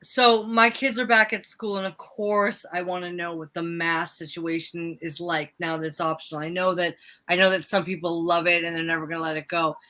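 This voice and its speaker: A woman co-hosting a live stream in casual chat, chatty and animated, talking in quick bursts. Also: fairly low pitch. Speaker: livestream co-host.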